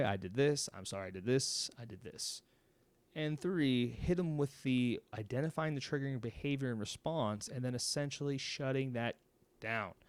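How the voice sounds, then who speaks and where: A man hosting his own mental health coaching show, giving casual advice in an energetic, emphatic way and acting out sample conversations, speaking close to a microphone. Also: medium pitch, smooth, dry recording.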